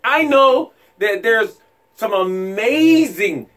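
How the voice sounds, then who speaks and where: A man, a bass player talking casually to camera, animated, laughing often and repeating words. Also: slow.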